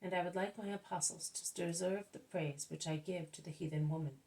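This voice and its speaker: Woman reader doing a calm, wise male master; low, slightly gravelly, unhurried. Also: lightly acted, low-quality recording. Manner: measured, patient explaining.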